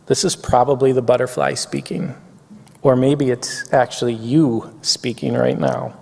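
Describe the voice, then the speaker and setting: A man preaching a chapel sermon, reading poetry slowly and reflectively, getting a little weepy. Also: medium pitch, fairly even intonation, vocal fry, darkish tone, breathy edge. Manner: reflective, reads poetry slowly, tearful at times. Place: campus chapel. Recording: long hall reverb.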